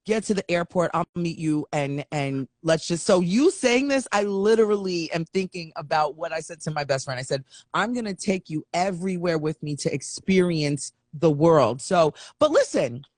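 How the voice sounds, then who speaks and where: A woman's voice: on the low side, expressive, moderate pace, hardly any pauses, a little mellow, dry recording, clean studio sound. A young woman hosting a casual interview, reacting eagerly to her guest's stories. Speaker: host.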